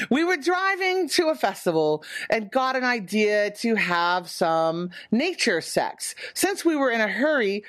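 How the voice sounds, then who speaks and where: A woman hosting a podcast, introducing the episode and reacting to a listener confession with giggles and animated exclamations. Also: medium pitch, no echo, clean studio sound. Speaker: podcast host. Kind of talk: casual podcast chat.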